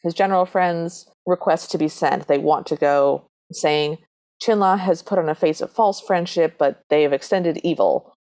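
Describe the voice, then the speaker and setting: Low-voiced and a bit dark in tone, this woman talks at a normal speed as a podcast co-host. Her casual chat recaps a film's storyline from notes, laced with dry, wry remarks.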